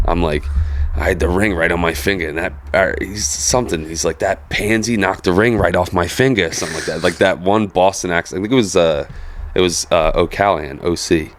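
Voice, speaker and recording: A man's voice: low voice, steady tone, fairly quick, slight background noise. A man in his thirties co-hosting a podcast, telling crude stories in casual chat and laughing often. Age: 30s. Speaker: podcast co-host.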